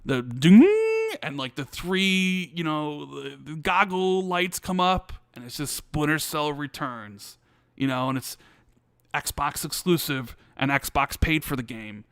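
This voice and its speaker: A man co-hosting a casual podcast, his voice a touch higher than most men's. He spins a story with energy, acting out both sides of a conversation and tripping over restarts. The sound is close and dry, with no room around it. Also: takes it slowly, smooth, no room sound. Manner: animated storytelling, acts out quoted dialogue; many restarts and fillers. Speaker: podcast co-host. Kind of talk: casual chat.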